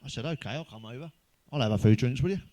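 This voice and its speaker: A middle-aged stand-up fires off crude, sweary jokes at a rapid-fire pace in a mellow, mid-range voice. The monologue rambles, and he chuckles at his own punchlines.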